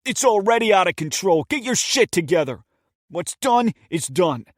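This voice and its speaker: A man voicing an angry, panicking teenage male robber who shouts, curses and bosses his partner. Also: high-pitched, big pitch swings, takes it slowly, no echo, studio quality, pitched above the performer's own voice, heavily acted. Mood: angry shouting. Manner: shouting, cursing, bossy.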